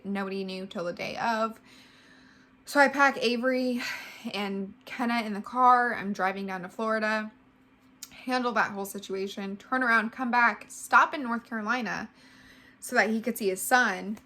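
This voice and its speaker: A woman's voice: mid-range voice, bright, forceful tone. A woman in her twenties telling a personal story on her vlog, candid and swearing, acting out what people said. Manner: candid, swears freely, acts out quoted dialogue. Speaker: vlogger.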